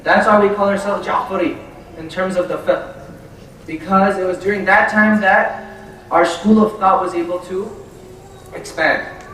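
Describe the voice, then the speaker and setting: A man's voice: high voice, steady tone, moderate pace, long pauses, fairly bright tone, a little hiss or hum. A man giving a religious lecture, telling stories and acting out the dialogue with animation. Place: large hall at a community center. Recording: echoey hall, mic from a distance.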